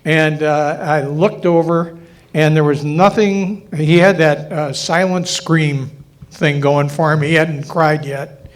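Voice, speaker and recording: A man's voice: fairly high pitch, fairly even intonation, slow. An older man on a panel, telling jokey personal anecdotes and laughing often. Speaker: panel guest. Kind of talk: storytelling at a banquet panel.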